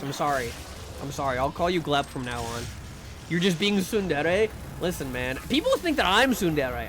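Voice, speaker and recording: Male live streamer with a high voice, chatty and profane, over a noisy background. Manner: rambling and profane, with excited sing-song greetings. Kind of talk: casual chat with live viewers.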